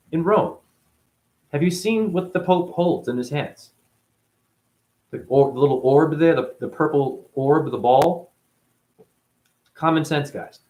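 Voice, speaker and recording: A man's voice: on the high side, darkish tone, reverberant. A man hosting a spiritual talk show, rambling through a monologue full of rhetorical questions and playful asides.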